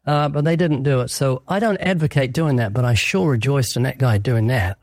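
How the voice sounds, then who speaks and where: A man talking fast as a guest on a radio interview, telling stories. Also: medium pitch, darkish tone, no echo.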